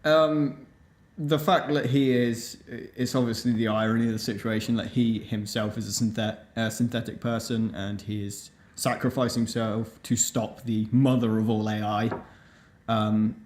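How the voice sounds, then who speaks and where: A man's voice: on the low side, little pitch movement, normal speed, darkish tone. A man co-hosting a casual podcast, laid-back and dry, with sarcastic asides. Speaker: podcast co-host. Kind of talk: casual chat. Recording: echoey room.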